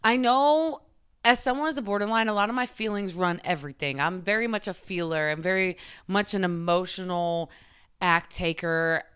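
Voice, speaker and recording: A woman's voice: fairly low pitch, moderate pace, fairly bright tone, smooth. A woman vlogger giving casual, candid advice in a chatty way, often saying "like". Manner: chatty, frequent filler "like"; open and confiding.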